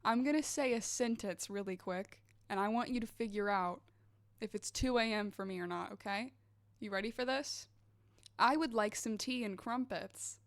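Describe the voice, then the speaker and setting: A woman's voice: medium pitch, normal speed. A woman livestreamer in a casual late-night chat with her viewers, bubbly and rambling, wired and restless after coffee. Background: faint background music.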